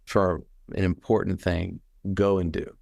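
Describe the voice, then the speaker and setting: Gravelly-voiced guy on a podcast, earnest, chatty, keeps restarting and acting out quotes. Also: low voice, flat delivery, measured pace, a little mellow. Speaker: podcast co-host. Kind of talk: casual reflective conversation.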